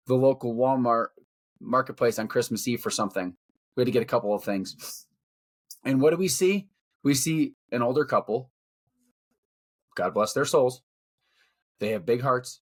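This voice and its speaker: A middle-aged man co-hosting a podcast, ranting bluntly and profanely about his opinions in casual talk. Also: medium pitch. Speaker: podcast co-host. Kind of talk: casual rant.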